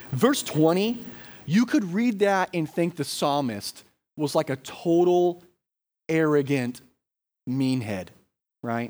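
An American man preaches a sermon in a relaxed, conversational way, peppering his points with quick asides and questions to the room. His voice sits a little higher than most men's. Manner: conversational preaching, frequent "like" and "right?". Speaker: pastor.

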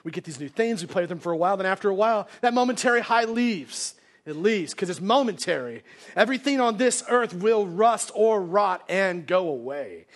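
High-voiced man preaching conversationally. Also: lively intonation, a little fast. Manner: casual conversational preaching, acts out quotes. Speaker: pastor. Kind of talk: sermon. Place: church sanctuary, live congregation.

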